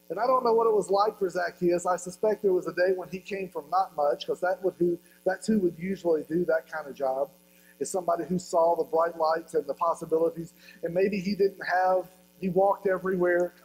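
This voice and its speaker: A male pastor delivers a sermon, retelling a story with humor and briefly acting out its voices. His voice sits high for a man. A faint electrical hum runs under the recording. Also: fairly quick, low-quality recording.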